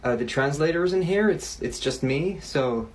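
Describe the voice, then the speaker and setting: An actor playing a flustered young waiter in a comedy sketch, hesitant and stammering. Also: male voice, fairly high pitch, expressive, normal speed, close to an everyday voice. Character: flustered young male restaurant server.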